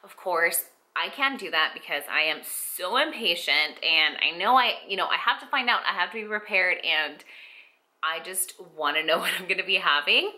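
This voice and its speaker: Young female vlogger, very bright voice, chatty and rambling, emotional and teary throughout. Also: on the low side, lively intonation, moderate pace. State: tearful. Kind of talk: casual pregnancy update vlog.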